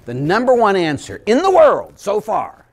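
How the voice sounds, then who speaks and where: Man, priest-preacher, animated storyteller, slightly high voice with wide swings. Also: moderate pace. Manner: animated storyteller who acts out voices, sudden loud bursts, chuckles. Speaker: Catholic priest and speaker. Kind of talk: lively preaching talk.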